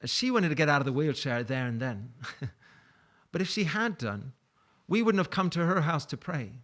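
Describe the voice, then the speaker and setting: A man's voice: a little high, lively intonation, normal speed, a bit bright. A man preaching a sermon in a conversational, storytelling way, with light laughs. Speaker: pastor.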